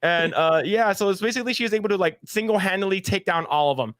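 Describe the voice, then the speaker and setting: Speaking quickly in a high-pitched, slightly bright voice, a man co-hosts a podcast and recaps a show with profane, casual banter, acting out scenes in small voices. The recording is dry.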